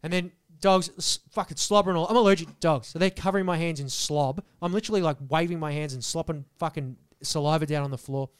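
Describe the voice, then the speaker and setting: A young man with a fairly high-pitched voice, co-hosting a casual podcast. He tells a story full of swearing with animated, rambling energy. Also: quick pace, hardly any pauses, smooth. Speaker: podcast co-host.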